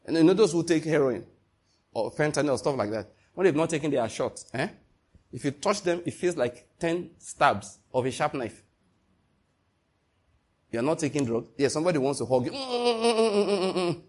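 A man preaching a sermon, animated and emphatic, asking his listeners one rhetorical question after another. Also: on the high side, normal speed, pauses often, husky.

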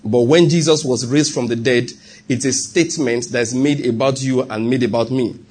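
A man's voice: medium pitch, steady tone, normal speed, darkish tone, husky. A man preaching a sermon as pastor, repeating his points and checking in with the congregation.

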